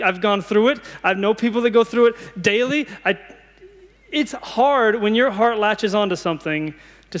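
A man's voice: high voice, fairly bright tone, big-room sound. A man in his thirties preaching a sermon, earnest and conversational, often restarting his sentences.

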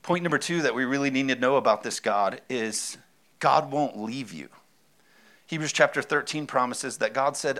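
A man's voice: mid-range voice, normal speed, a bit bright. A man preaching a sermon as pastor, talking in a conversational, emphatic way and repeating his key phrases.

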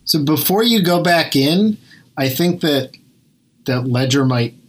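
A man in a tabletop game podcast, calmly suggesting what the players might do next. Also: on the high side, measured pace. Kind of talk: casual tabletop game chat.

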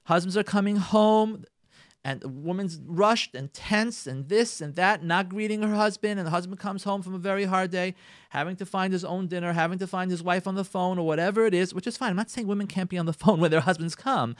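A rabbi giving a radio talk on marriage, animated, acting out quoted lines and repeating himself. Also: male voice, high-pitched, a little fast, no echo, clean studio sound.

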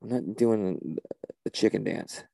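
Exasperated man with a gravelly low voice. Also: moderate pace, warm tone, no room sound. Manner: exasperated, flustered, repeating himself. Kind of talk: comedy sketch.

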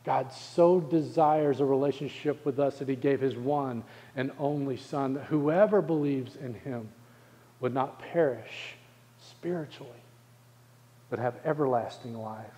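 A male pastor preaching a sermon, asking the congregation rhetorical questions and slowing down to stress key phrases. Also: medium pitch, warm tone, big-room sound.

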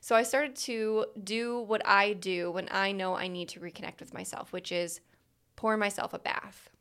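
A woman's voice: medium pitch, fairly even intonation, normal speed, a bit bright, clear, resonant tone. A woman talking candidly in a reflective personal monologue, with many "like" fillers.

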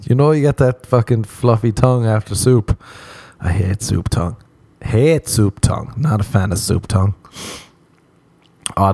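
A man with a lowish, mellow voice riffs through a comedic storytelling monologue. He is crude and self-mocking, rambles from one tangent to the next, and laughs often. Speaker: podcast host.

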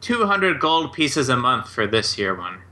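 A man's voice: mid-range voice, very animated, unhurried, bright, forceful tone. A man voicing a fawning, salesy bank manager in a tabletop game. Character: smooth, obsequious male bank manager.

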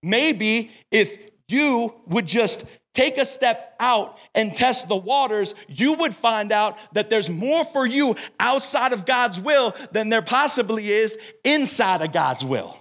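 High-voiced, energetic young man preaching. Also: slow pace, few pauses. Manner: energetic, playful, self-described as extra. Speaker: camp speaker. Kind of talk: sermon.

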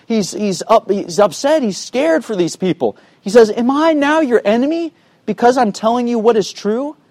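A man's voice: sits high, a little mellow, no echo. A man preaching a sermon as pastor of his church, earnest and conversational, with many "you know" asides.

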